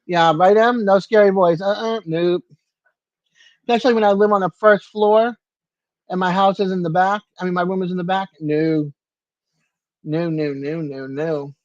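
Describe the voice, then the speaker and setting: A man's voice: sits high, fairly even intonation, normal speed, no echo, highs cut off. An older man hosting a casual livestream from his apartment, answering viewers by name in a chatty way. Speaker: livestream host.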